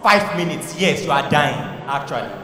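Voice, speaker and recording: A Nigerian man doing a stand-up comedy routine on stage, animated and shouting punchlines, slipping into pidgin. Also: fairly high pitch, moderate pace, far from the mic. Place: live comedy stage in a large hall. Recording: echoey hall from a live show.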